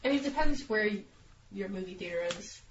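A sick young woman chatting as co-host, flat and monotone, with plenty of ums. The recording is dull and lo-fi, and her voice rings in a roomy space. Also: medium pitch, fast, a little hiss or hum. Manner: flat, monotone delivery with fillers. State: sick, congested. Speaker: podcast co-host. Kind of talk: casual chat.

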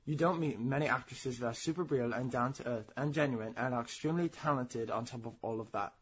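A man's voice: medium pitch, a little fast, husky, close to an everyday voice. A man reading out a young male actor's answer to a fan question, in his own plain voice. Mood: earnest. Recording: dull lo-fi recording.

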